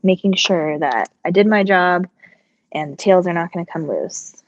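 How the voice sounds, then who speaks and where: A woman's voice: lowish voice, animated, moderate pace, dry recording. Woman host, middle-aged, rambling casual chat, slightly congested, dry and dull-sounding mic. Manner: chatty and rambling, answers viewer questions. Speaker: sewing channel host. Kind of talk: casual live-stream chat while working.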